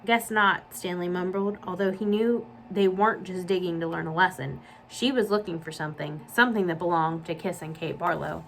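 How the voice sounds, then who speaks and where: A woman children's librarian reading a novel aloud for young listeners, with clear, steady storytelling. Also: on the low side, brisk, hardly any pauses, a little hiss or hum, low-quality recording.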